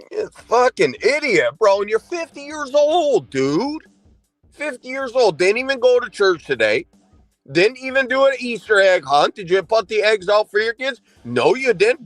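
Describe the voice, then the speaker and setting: A man's voice: sits high, no room sound. A man livestreaming an angry, profane, insulting rant.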